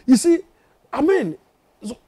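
Male pastor from Nigeria, high voice, emphatic repetitive sermon delivery with rhetorical questions. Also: sing-song, takes it slowly, dark tone.

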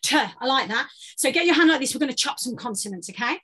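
A British woman leading a guided vocal warm-up workshop, giving playful, encouraging instructions. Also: high-pitched, lively intonation, quick pace, husky. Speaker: voice workshop leader.

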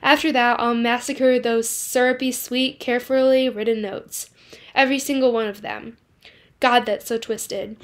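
A woman's voice: fairly high pitch, little pitch movement, normal speed. A woman hosting a book club reading, reading a novel aloud in the first person with small slips.

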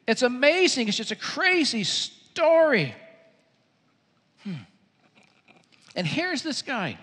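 A male pastor preaching a sermon, telling a Bible story in an animated way and acting out its scenes. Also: extremely high pitch, takes it slowly, long pauses. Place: church. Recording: echoey hall.

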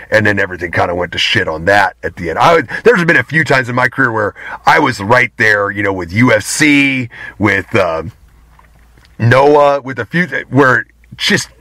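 A man speaking as an interview guest, candid and loose, drifting from point to point and swearing in passing. His voice is bright and forceful. The sound is dry, with no room around it. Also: fairly low pitch, no room sound. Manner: candid, rambling, swears casually. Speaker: guest, pro wrestler. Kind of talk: casual interview talk.

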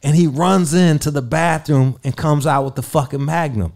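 A man's voice: on the high side, normal speed, gravelly. A man telling a crude story in casual chat, swearing constantly and acting out quotes in a raised voice. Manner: profane, animated, acts out quotes in a raised voice. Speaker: radio personality and interview guest.

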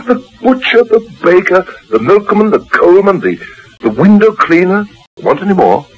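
A man's voice: sits low, huge pitch swings, brisk, slight background noise, heavily acted. A man playing a cheerful young husband in a dated radio drama, teasing and reassuring his worried wife. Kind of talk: 1950s radio drama acting. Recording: dull old radio recording.

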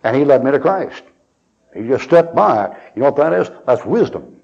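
A man's voice: medium pitch, sing-song, normal speed, vocal fry, a little mellow, lo-fi sound. A man preaching a sermon as a folksy storyteller who chuckles and acts out his dialogue.

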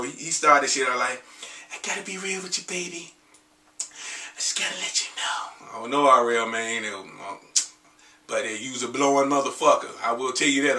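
A man's voice: mid-range voice, pushed and bright, echoey room, recorded from a distance. A man in his thirties, an R&B singer, chatting casually and profanely while getting over a cold. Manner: loose, profane, joking chat between sung snippets. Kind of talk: casual vlog with singing.

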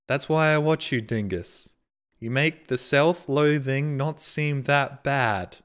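A man's voice: mid-range voice, slow, fairly bright tone. A man streaming live, reading out viewer donations and messages in casual, self-mocking, sarcastic banter.

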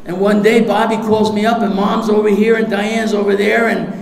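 A man sharing his recovery story at a meeting, animated and acting out the voices of others, sometimes shouting for effect. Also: high-pitched, normal speed, creaky. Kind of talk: recovery share to a live audience. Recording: echoey hall recording with audience.

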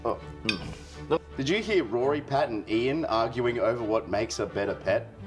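A man trading dark jokes in casual banter. He laughs through his lines and swears casually. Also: medium pitch, moderate pace, soft background music. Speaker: joke-telling podcast co-host.

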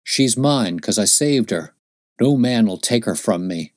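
A man's voice: on the low side, lively intonation, slow pace, dry recording, clean studio sound, voice pushed up. A man voicing a weary, gaunt frontiersman in an audiobook, using folksy backcountry speech. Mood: defiant. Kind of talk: audiobook character voice.

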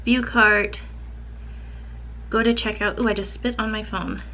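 A woman's voice: medium pitch, fairly even intonation, a little slow, muffled recording. A woman chatting casually to camera in a home vlog, filling her talk with "like". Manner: chatty, says "like" a lot. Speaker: vlogger. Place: home office.

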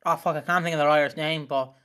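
A man co-hosting a podcast in casual chat. His voice sits a little higher than most men's, and he jokes, swears and laughs easily as he teases his co-host. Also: steady tone, a bit bright, clean tone. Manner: joking, sweary, quick to laugh. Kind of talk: casual chat recapping a soap.

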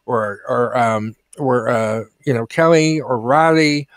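A man, a comedy podcast co-host, telling a long profane story in a ranting, animated way. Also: medium pitch, slow pace, dry recording.

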